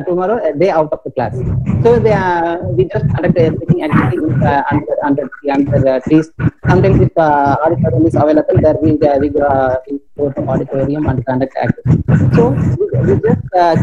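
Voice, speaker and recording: A college teacher, giving a webinar talk in a halting way with many fillers and restarts. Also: male voice, on the high side, lo-fi sound. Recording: noisy online call audio.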